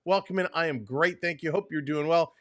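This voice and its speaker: Man, upbeat hockey stream host, slightly higher voice, dry sound. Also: brisk, fairly bright tone, no room sound. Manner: upbeat, greets chat viewers by name. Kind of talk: live hockey watch-along chat.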